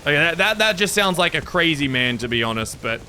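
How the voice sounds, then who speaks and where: A man's voice: a little high, lively intonation, brisk, pushed and bright, a little hiss or hum. Jumpy, jokey man playing a horror game. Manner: jokey, rambling, easily startled. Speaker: gaming video creator. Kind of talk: gameplay commentary.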